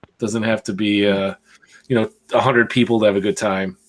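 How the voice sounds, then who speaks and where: A man co-hosting an arcade-collecting podcast, chatting casually in a rambling, animated way and swearing freely. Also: fairly low pitch, brisk. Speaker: podcast co-host. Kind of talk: casual chat.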